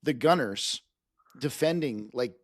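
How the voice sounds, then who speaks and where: A man's voice: medium pitch, lively intonation, a little slow. A man co-hosting a podcast in casual chat, talking enthusiastically and rambling with restarts. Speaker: podcast co-host.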